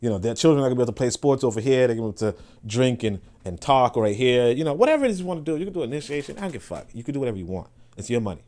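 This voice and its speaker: A man hosting a podcast, talking in an animated, casual way with frequent restarts and asides to listeners. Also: mid-range voice, racing, hardly any pauses. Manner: laughs and asks listeners for agreement. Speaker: podcast host. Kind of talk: casual monologue.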